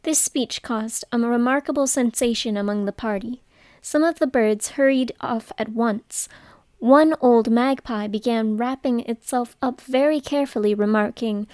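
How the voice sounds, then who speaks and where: A woman narrating a storybook in a measured, expressive way. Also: on the high side, no room sound. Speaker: audiobook narrator.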